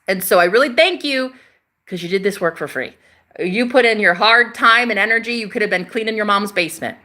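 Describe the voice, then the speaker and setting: Lively, bright-voiced woman streamer. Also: medium pitch. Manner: animated, sassy, laughs often, swears casually. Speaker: spiritual livestream host. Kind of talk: casual livestream chat reading comments.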